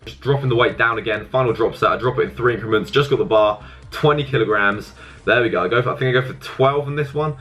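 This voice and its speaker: A man's voice: medium pitch, fast talker, a bit bright, muffled recording, faint music behind. A young man casually explaining his arm workout in a gym, coaching and swearing freely. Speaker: fitness vlogger.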